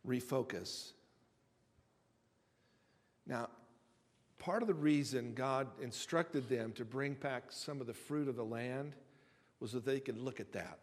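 A pastor delivering a sermon in a conversational way, stumbling over and repeating words and retelling stories with humor. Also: male voice, medium pitch, a little slow. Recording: long hall reverb.

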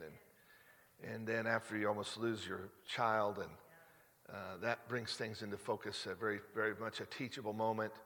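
A man's voice: lowish voice, bright, forceful tone. A middle-aged man, a pastor, preaching a sermon in a conversational, confessional way with frequent restarts, rising to emphatic peaks. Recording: long hall reverb.

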